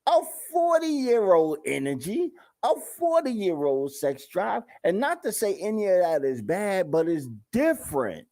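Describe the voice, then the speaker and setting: Animated slangy male talk-show host. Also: high-pitched, unhurried, few pauses. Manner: animated, slangy, talks straight to viewers. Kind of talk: casual talk-show monologue.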